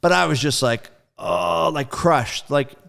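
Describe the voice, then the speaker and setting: A man's voice: on the high side, unhurried, creaky. A man telling a story as a guest in a casual interview, loose and profane, acting out the voices of friends he quotes. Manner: animated storyteller who acts out quoted friends. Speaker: guest drummer.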